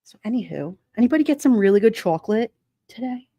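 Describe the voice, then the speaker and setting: A woman chats on a relaxed livestream, talking straight to her viewers with blunt, playful humor and frequent laughter. Her voice sits a little high, and the sound is close and dry with no room echo. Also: fast. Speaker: livestream host. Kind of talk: casual live chat with viewers.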